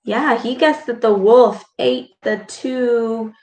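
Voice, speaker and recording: A woman reading a storybook aloud to children, expressive and full of gasps and exclamations. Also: a little high, takes it slowly. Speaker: speech clinician reading to children. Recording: echoey room.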